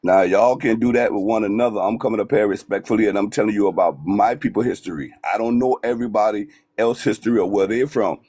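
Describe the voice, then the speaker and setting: Man, Gullah Geechee accent, husky, low voice, insistent, earnest, live panel debate. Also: fast talker, few pauses, mellow. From South Carolina Lowcountry. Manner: insistent, repeats himself, earnest. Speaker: panel speaker.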